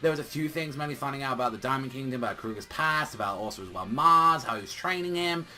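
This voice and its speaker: Guy doing a manga chapter review, super quick, says like constantly, kinda sharp edgy tone. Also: medium pitch. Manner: rambling, heavy use of "like", animated retellings. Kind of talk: casual chapter review vlog.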